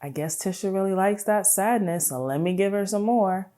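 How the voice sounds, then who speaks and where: A woman's voice: mid-range voice, moderate pace, warm tone, pitched above the performer's own voice, natural voice. A woman voicing the universe as a breezy friend. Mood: teasing.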